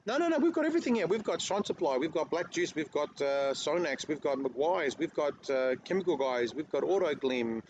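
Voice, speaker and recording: Man on a muffled line. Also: on the high side. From Australia. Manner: rambling storytelling with restarts. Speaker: guest car detailer. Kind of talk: casual podcast chat. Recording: muffled lo-fi audio with faint noise.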